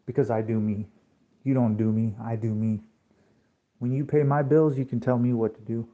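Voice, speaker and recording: A man rants on a late-night livestream from home, confronting and preaching to his audience with rhetorical questions and plenty of swearing. He speaks at normal speed in a medium-pitched, dark voice with fairly even intonation.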